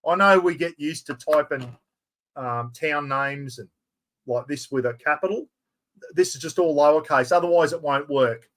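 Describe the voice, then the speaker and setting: A middle-aged Australian man hosting a live giveaway stream, chatty and excitable, full of blokey slang. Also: a little high, normal speed. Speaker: livestream host.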